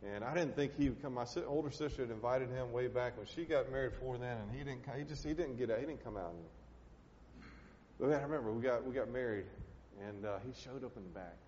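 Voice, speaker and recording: A man's voice: mid-range voice, fast, a little mellow, long reverb tail, muffled recording, a little hiss or hum. A man preaching a sermon from the pulpit, folksy and emotional, tossing in "man" and "hey" as he talks. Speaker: pastor. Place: church sanctuary.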